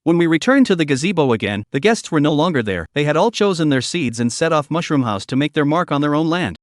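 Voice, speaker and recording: A man reads a story recap aloud in a scripted narration, his pitch sitting a little above the usual male range and moving a lot from phrase to phrase. The voice is close and dry, with no room sound around it. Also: expressive, fast, no echo.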